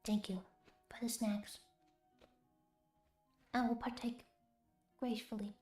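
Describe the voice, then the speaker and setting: A woman streamer speaking softly in a whispered role-play, chatting to her viewers with giggles between words. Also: a little high, level tone, slow. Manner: soft whispered chat, giggly, chats with viewers. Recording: roomy with faint music.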